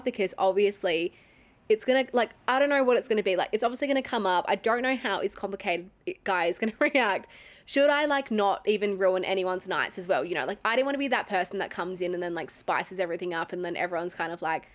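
A woman's voice: medium pitch, quick pace. A young Australian woman telling a story casually, full of fillers and swearing, often laughing.

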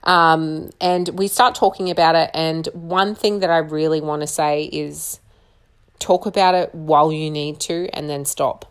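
A woman's voice: low voice, fairly even intonation, measured pace, clean tone. A young woman talking earnestly and encouragingly, giving personal advice in a conversational way. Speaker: single mother sharing advice. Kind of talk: personal advice talk to camera.

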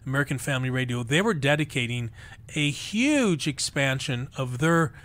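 A man being interviewed as a ministry leader, telling stories in an animated, chatty way and laughing often. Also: mid-range voice, normal speed. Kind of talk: radio interview storytelling.

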